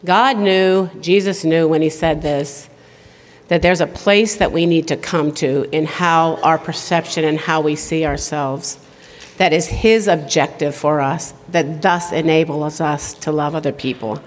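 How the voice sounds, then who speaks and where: Middle-aged lady speaker, low-ish voice, casual sermon, laughs at herself, echoey big hall. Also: fairly even intonation, measured pace. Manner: chatty, self-deprecating, laughs often. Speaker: speaker at a women's conference. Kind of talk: conversational sermon. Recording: long hall reverb.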